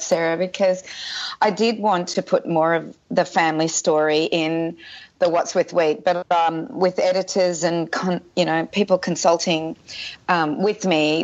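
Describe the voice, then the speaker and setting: Lower-voiced Australian woman on dull line. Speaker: guest, documentary maker. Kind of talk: interview answers.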